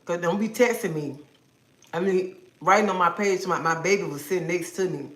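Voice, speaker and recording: A talkative woman hosts a relaxed livestream from her home, teasing and scolding her viewers with sass. Her voice carries a noticeable roomy echo, as if she is talking into a phone in an open room. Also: on the low side, normal speed. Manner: sassy, chatty, scolding viewers playfully. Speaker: livestream host. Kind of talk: casual livestream chat with viewers.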